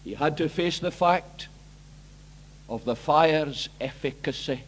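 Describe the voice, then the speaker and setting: A man's voice: fairly high pitch, slow, breathy edge. A man preaching an evangelistic sermon, earnest and emphatic, repeating key phrases and questioning his listeners directly.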